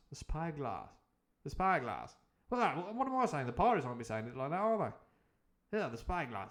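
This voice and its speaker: A man's voice: on the high side, wildly swooping pitch, normal speed, a bit bright. A man reading a novel aloud on a live stream, who often breaks off into rambling, jokey tangents full of ums and uhs. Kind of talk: live book reading with comic asides.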